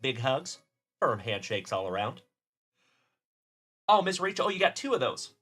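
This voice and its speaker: Bright upbeat streamer man from South Texas. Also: mid-range voice, big pitch swings, moderate pace. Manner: upbeat, chatty, greets viewers by name. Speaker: card break streamer. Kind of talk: casual livestream chat.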